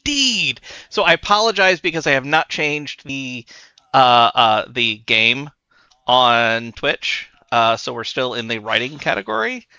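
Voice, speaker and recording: Stream host, male, bright and smooth, slightly high, dull lo-fi sound. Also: very animated, a little slow, no echo. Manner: friendly, hesitant, many fillers. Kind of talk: casual chat. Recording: dull lo-fi audio.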